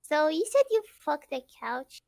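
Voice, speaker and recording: A woman's voice: high-pitched, animated, vocal fry, darkish tone. A young woman guest on a podcast call, teasing the host with short playful questions. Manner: teasing, quick to laugh, short prompting replies. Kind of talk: casual podcast chat.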